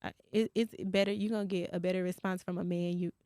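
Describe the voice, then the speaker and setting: A woman podcast host, telling a story in casual chat and quoting others in a lowered voice. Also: level tone, fast, warm tone, smooth, no echo, studio quality.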